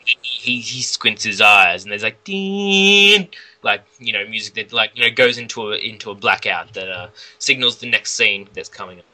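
Bright-voiced man rambling through a comic story. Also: fairly low pitch, fairly quick, few pauses, rough recording. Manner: rambling, lots of restarts and fillers, deadpan jokes. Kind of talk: casual comedic storytelling.

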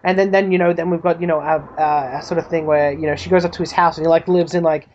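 A woman improvising a comedy TV pitch, rambling, full of fillers, and animated. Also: quick pace, slight background noise. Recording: slightly dull lo-fi recording.

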